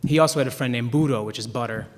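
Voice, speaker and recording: Rapid-fire and medium-pitched, a young writer from Chicago tells rambling stories on a panel, mocking himself and laughing at his own jokes. The recording is in an event hall before an audience, with long reverb.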